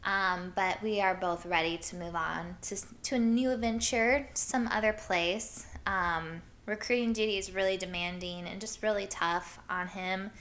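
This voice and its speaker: A woman's voice: mid-range voice, steady tone, unhurried, few pauses, fairly bright tone. A young woman from Iowa hosting her own show, telling stories in a chatty way full of "like" and the odd swear word. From Iowa, USA. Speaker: podcast host. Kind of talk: casual storytelling monologue.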